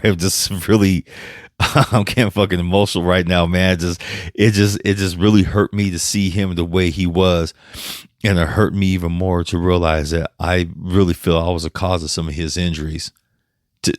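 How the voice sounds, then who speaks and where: Deep-voiced man, halting and emotional. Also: dry recording, studio quality. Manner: halting and emotional, with frequent restarts and swearing. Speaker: podcast host. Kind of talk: casual personal storytelling.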